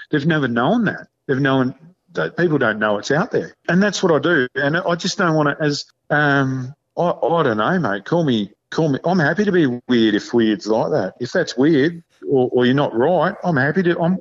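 A man's voice: fairly high pitch, animated, normal speed, lo-fi sound. An Australian man talking earnestly and a bit ramblingly as a guest on a podcast, calling his host "mate". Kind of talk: casual chat.

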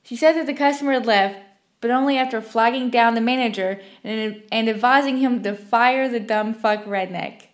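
A young woman from Southwest Virginia, speaking with an Appalachian accent, hosts a storytelling podcast and narrates scripted personal stories in a wry, self-deprecating way. Her voice is on the high side, at a moderate pace.

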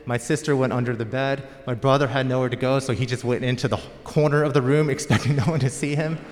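Storytelling preacher in a reverberant hall. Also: male voice, medium pitch, steady tone, fast. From United States. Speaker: pastor. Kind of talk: sermon.

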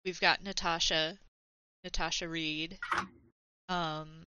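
A woman's voice: sits low, little pitch movement, slow, background noise. A woman playing in a tabletop game, speaking hesitantly with fillers, heard through a dull lo-fi mic. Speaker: player. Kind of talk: casual tabletop play.

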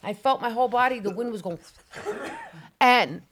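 A woman telling a frightening personal story on a casual talk show, animated and dramatic, acting out her own cries and swearing as she goes. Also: on the high side, moderate pace.

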